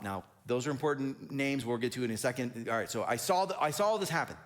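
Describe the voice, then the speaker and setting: A male pastor giving a conversational sermon, retelling scripture with animated storytelling and fillers. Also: medium pitch, fast talker, few pauses.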